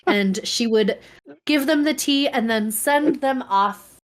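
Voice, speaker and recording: Slow, dry-spoken woman podcast host. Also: sits high. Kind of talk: casual chat.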